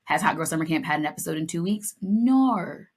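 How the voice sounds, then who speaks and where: A young woman co-hosting a podcast in casual chat, telling stories with lively acted-out lines and playful asides. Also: deep voice, brisk. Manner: animated storytelling, acts out lines, playful. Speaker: podcast co-host.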